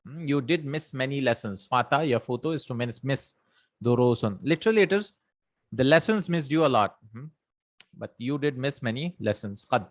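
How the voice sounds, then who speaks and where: A male teacher works through a grammar lesson at a patient pace. He reads out example sentences and translates each one. He keeps checking in with his listeners. His voice sits at an ordinary middle pitch for a man. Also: expressive, moderate pace. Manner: explains patiently, often checks in with "right?" and "hmm?". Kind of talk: explanatory lesson.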